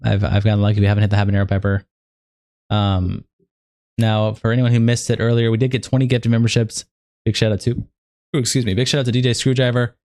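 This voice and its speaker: A man's voice: fairly low pitch, level tone, fast talker, a little mellow, dry recording, clean studio sound. A young man hosting a livestream in a loose, casual way, cursing freely as he catches viewers up on progress. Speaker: livestream host.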